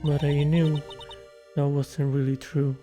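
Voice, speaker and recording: A gamer reading game dialogue aloud as a timid young woman from a crime family, in a slow, quiet, halting way, with game music behind. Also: mid-range voice, level tone, natural voice. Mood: subdued.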